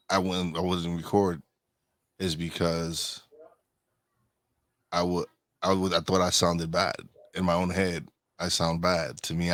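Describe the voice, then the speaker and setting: A man's voice: sits low, fairly bright tone, no room sound. A man hosting a podcast, chatting casually and rambling through many restarts and self-corrections. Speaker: podcast host. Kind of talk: casual interview chat.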